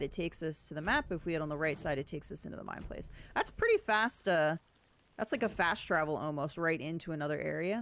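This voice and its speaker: A woman's voice: on the low side, fairly bright tone. A woman streaming a game playthrough, chatting casually, thinking aloud and reading on-screen text. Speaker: gameplay streamer. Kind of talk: casual let's-play commentary.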